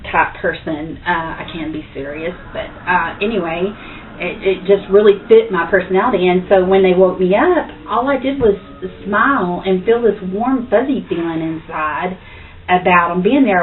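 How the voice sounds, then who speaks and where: Female investigator, lower voice, halting but good-humored telling, lo-fi phone-like audio. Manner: hesitant, with many fillers, turning light and humorous. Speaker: paranormal investigator. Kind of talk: recounting a personal paranormal experience.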